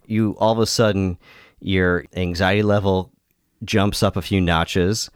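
A man co-hosting a casual chat, telling his story at length in a relaxed way. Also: deep voice, smooth, no echo, clean studio sound.

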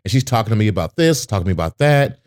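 A man in casual conversation, telling stories with animated, acted-out quotes. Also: rapid-fire, dry recording, studio quality. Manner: animated storyteller, acts out quotes in a high voice. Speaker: podcast co-host. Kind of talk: casual storytelling chat.

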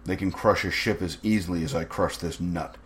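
A man voicing a suave, cruel aristocratic general with smooth, mocking menace. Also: deep voice, fairly quick, fairly bright tone, a little hiss or hum.

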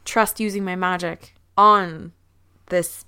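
Female player, low-ish voice, chatty and argumentative about rules. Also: fairly even intonation, takes it slowly, sharp tone, clear, resonant tone. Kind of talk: casual tabletop game play.

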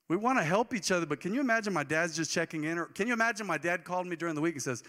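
Bright-voiced pastor in his forties. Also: on the high side, lively intonation, rapid-fire, few pauses, long reverb tail. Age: 40s. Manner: conversational, joking, with bursts of emphasis. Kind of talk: sermon.

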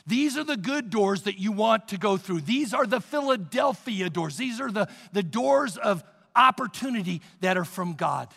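Husky, gravelly high-voiced male pastor preaching. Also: big-room sound. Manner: emphatic preaching, rising to shouts. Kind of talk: sermon.

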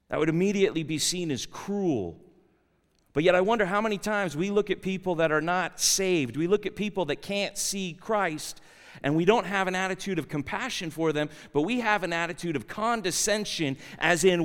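A man's voice: on the high side, lively intonation, moderate pace. A man preaching a sermon in a university chapel, earnest and asking the listeners direct questions. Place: large chapel. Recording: long hall reverb in a chapel.

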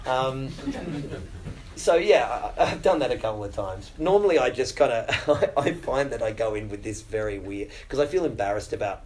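A middle-aged Australian actor talking casually in an interview, chatty and self-deprecating, with many fillers and restarts. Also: male voice, mid-range voice, animated, normal speed, a little mellow, a little hiss or hum, rough recording.

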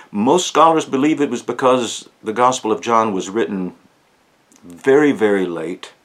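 A man teaching through a Bible passage, earnest and emphatic, slowing down to stress key phrases. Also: fairly low pitch. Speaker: pastor.

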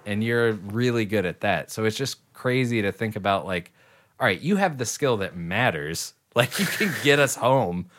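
A man's voice: fairly low pitch, lively intonation, moderate pace, fairly bright tone. A man in a casual chat, telling a long story in a rambling way, with frequent swearing and laughter.

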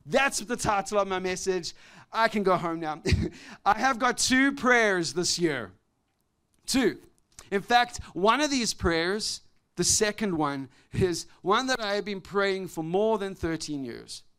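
Male pastor, somewhat high voice, lively sermon delivery that jumps from loud to hushed, quick laughs between lines. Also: clear, resonant tone. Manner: animated, swinging from loud exclamations to soft confiding tones; laughs often between phrases.

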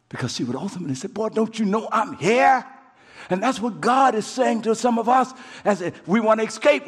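A male pastor with a high voice preaches from the pulpit, climbing to shouts and then dropping to a hush. His words ring out with a long echo in a large hall. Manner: preaching with rising shouts and quiet drops, repeats words. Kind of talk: sermon. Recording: live sermon with long hall reverb.

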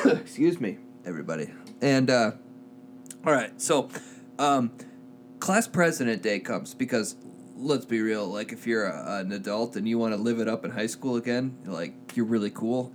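Animated man retelling a movie plot. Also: mid-range voice, slight background noise. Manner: animated storyteller, acts out quotes in quick put-on voices, laughs often. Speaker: podcast co-host.

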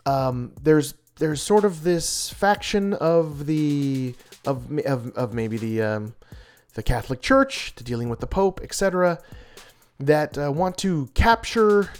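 Male comic reviewer, higher-pitched, animated and gushing, casual delivery with restarts. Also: takes it slowly, clear, resonant tone, faint music behind.

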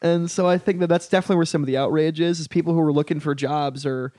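A man's voice: on the high side, fairly even intonation, fast talker, darkish tone, no room sound. Casual, dry-miked man hosting a chat. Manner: laughs often, swears casually. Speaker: podcast host.

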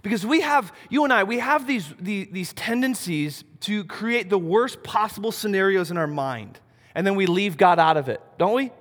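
A man preaching a sermon, animated, asking rhetorical questions and swinging between loud and soft. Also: high voice, normal speed. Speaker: pastor. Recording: long reverb of a large hall.

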